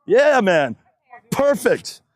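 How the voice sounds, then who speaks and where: This race announcer's voice is high-pitched, sing-song and very slow, with no room sound. Slightly winded and wearing a wireless body mic at an outdoor drag strip, he gives casual live-stream commentary, joking, chatting and shouting to the crowd.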